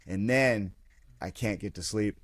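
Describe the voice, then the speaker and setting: A man's voice: on the low side, a little slow. A man hosting a music podcast, a touring musician himself, talking in a laid-back, drawling casual chat.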